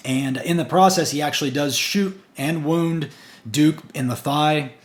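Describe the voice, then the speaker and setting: Speaking at a measured pace in a slightly high voice, a man gives a chatty, casual recap of a comic book issue. He strings the plot together in long run-on sentences full of "and" and "basically."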